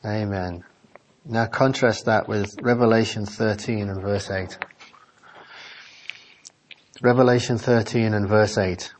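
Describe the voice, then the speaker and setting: A man preaching a Bible-study sermon in a small office meeting room. He reads scripture aloud and builds to fervent, loud exclamations. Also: lowish voice, fairly even intonation, takes it slowly, pauses often, a little hiss or hum, poor audio.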